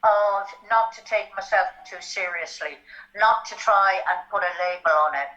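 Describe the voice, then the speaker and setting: Bright-voiced older Irish woman. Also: medium pitch, normal speed, soft background music. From Ireland. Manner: animated, tag questions like "right?". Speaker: guest. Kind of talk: candid storytelling interview. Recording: dull lo-fi sound.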